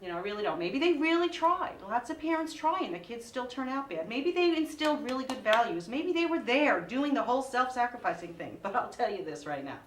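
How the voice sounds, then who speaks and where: Stand-up comedian, woman, 40s, animated and mocking; slightly high voice, recorded at a distance in an echoey room. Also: fairly quick, hardly any pauses, slight background noise. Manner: animated, mocking sing-song voices for her kids.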